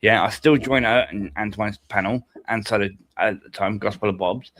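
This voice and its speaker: A man's voice: on the low side, moderate pace, a bit bright. A man, talking on a live stream panel in a rambling, hesitant, sweary way. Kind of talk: casual stream chat.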